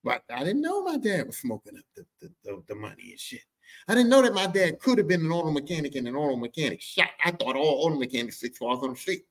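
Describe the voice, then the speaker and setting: A man telling comedic family stories on his podcast, rambling and cursing freely. His voice sits a little high and swings widely in pitch as he gets worked up. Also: fast. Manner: profane, animated, rambling. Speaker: podcast host. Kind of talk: comedic personal storytelling.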